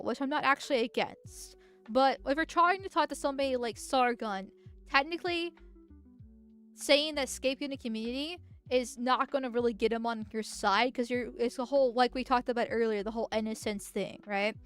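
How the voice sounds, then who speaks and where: High, smooth-voiced woman commentator. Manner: thinks out loud, reads posts aloud with many restarts. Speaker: political streamer. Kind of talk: casual commentary reacting to posts.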